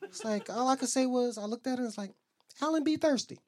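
A man's voice: very high voice, fairly even intonation, quick pace, a little mellow. A man doing a stand-up set, telling loose stories and acting out both sides of his arguments on a club stage. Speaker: stand-up comedian.

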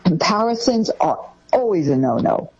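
A woman presenting a talk-show advice segment, counting off numbered tips in an animated, instructive way. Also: on the low side, moderate pace, husky, dull audio.

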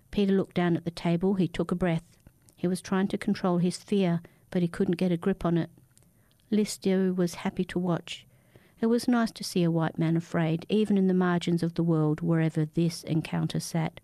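A woman reading a dark fiction story aloud in a steady, measured narration. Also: lowish voice, no echo.

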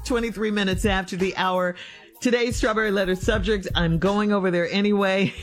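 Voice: mid-range voice, fairly even intonation, brisk, fairly bright tone. A radio co-host announcing the next segment and reading a sponsor message. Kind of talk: radio show announcing and ad read.

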